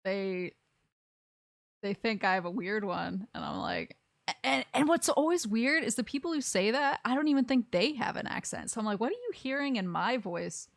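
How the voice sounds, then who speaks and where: A woman's voice: on the high side, expressive, moderate pace, vocal fry, no echo, clean studio sound. A young woman from Alabama with a Southern accent, chatting casually on a game stream, rambling and laughing often. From Alabama, USA. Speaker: streamer host.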